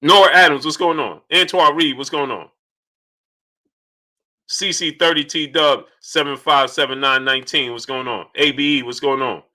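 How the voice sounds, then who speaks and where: A man hosting a casual live stream, shouting out viewers by name and repeating his points in an animated way. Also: mid-range voice, moderate pace. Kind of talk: casual live-stream chat reading super chats.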